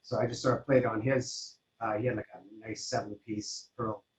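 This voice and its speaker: A man's voice: lowish voice, little pitch movement, normal speed. A man in his fifties, a guest drummer telling his story casually, with many fillers. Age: 50s. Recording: roomy, dull sound, faint noise.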